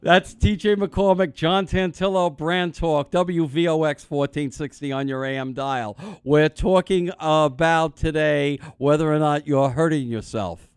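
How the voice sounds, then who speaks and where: A man's voice: on the high side, measured pace, few pauses, clean tone, no echo, clean studio sound. A man hosting a talk radio show, telling rambling stories in casual chat with lots of restarts. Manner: rambling, animated storyteller with restarts. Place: radio studio.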